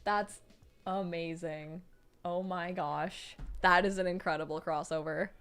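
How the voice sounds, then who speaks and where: A young adult woman hosting a livestream, reading chat aloud and reacting with gushing excitement. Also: on the low side, unhurried, smooth. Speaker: livestream host. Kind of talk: live-stream chat reading.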